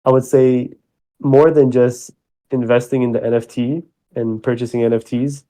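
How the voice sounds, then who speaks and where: A man on the project team explains things slowly and hesitantly, leaning on fillers. His voice is mellow and dark, with very little rise and fall. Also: mid-range voice, little pitch movement, low-quality recording. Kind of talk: casual voice chat.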